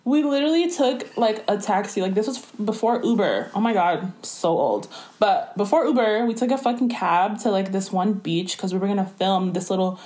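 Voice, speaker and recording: A woman's voice: medium pitch, lively intonation, moderate pace, hardly any pauses, a little mellow. A young woman in casual chat, telling stories in a slangy, laughing way.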